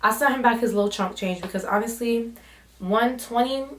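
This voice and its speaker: A young woman tells a storytime vlog in casual slang, animatedly acting out what people said in different voices. Her voice is on the high side at a moderate pace, in an echoey room.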